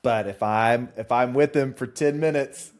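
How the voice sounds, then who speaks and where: A man from the Southern US with a mild Southern accent, co-hosting a casual podcast chat, animated and quick to laugh. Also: mid-range voice. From Southern US, Charlotte. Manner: animated, laughs often, slips into voices. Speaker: podcast co-host.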